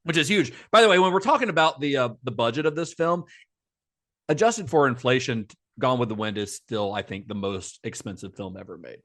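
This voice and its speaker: Male podcast co-host, casual storyteller, middle pitch, chatty and easygoing. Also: animated, brisk, a bit bright. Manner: explains film history at length, laughs easily. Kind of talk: casual film podcast chat.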